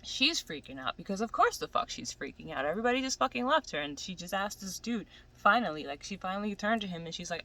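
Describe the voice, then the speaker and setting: Speaking fast and barely pausing, this female anime commentator vents her exasperation at the show she's watching in an animated, profane rant. Her voice sits at medium pitch, and the recording quality is low.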